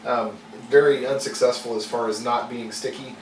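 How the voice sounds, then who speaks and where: Man, cooking channel host, mid-pitched and casual, rambling delivery, roomy distant mic. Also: normal speed. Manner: relaxed and rambling, many fillers and restarts. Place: home kitchen. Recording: echoey kitchen, mic at a distance, audible noise.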